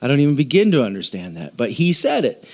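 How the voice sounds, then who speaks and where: A man's voice: medium pitch, huge pitch swings, fast, a little mellow. A middle-aged man, a pastor, giving a casual Bible lesson in church, chatty and joking, often asking the audience questions. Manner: conversational, asks the audience questions, jokes.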